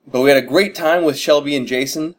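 A man's voice: fairly high pitch, brisk. Man reading a podcast intro. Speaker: podcast host. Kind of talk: scripted show intro with plugs.

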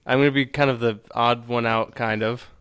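A man with a Midwestern American accent co-hosting a podcast in casual chat, measured and a little halting. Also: medium pitch, fairly even intonation, fairly bright tone, clean tone, no echo, studio quality. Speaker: podcast co-host.

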